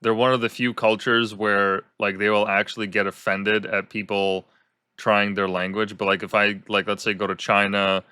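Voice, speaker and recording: A man hosting a casual interview podcast, telling animated stories and acting out the people he quotes. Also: fairly low pitch, normal speed, smooth, no room sound, clean studio sound. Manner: animated storyteller who acts out quoted people. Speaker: podcast host.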